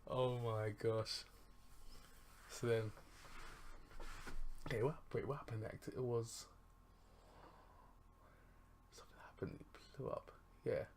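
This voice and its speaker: A man's voice: mid-range voice, fairly even intonation, slow pace, pauses often, darkish tone, a little hiss or hum. A man casually retelling a film's plot as a reviewer, rambling, chuckling and correcting himself as he goes. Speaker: movie reviewer.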